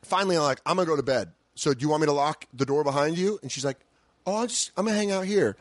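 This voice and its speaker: A man telling a wild story in an excitable, animated way, acting out the voices of the people in it. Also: a little high, racing, dry recording. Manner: excitable, acts out voices while telling stories. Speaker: podcast guest.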